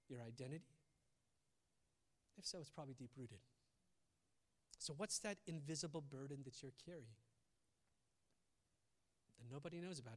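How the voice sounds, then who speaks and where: A male pastor giving a conversational sermon, shifting between loud emphasis and quiet reflective asides. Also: on the high side, long reverb tail.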